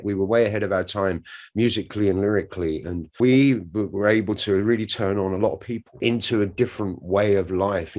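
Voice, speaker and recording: A man, talking in a fairly low voice. He tells his story with plenty of energy and cheek, and slips into the voices of the people he is quoting. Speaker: musician interviewee. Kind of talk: animated anecdote telling.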